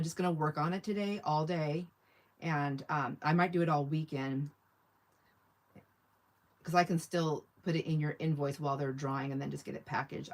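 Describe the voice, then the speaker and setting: Chatty woman hosting a live sale. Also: sits low. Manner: chatty and rambling, reads viewer comments aloud. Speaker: online shop owner hosting a live sale. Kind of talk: casual live-stream sales chat.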